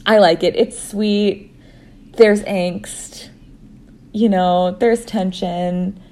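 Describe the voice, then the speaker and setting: A woman's voice: medium pitch, steady tone, slow pace, a little mellow. A young woman co-hosting a podcast in casual chat, giggly and full of "like". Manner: chatty, giggly, lots of "like". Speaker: podcast co-host.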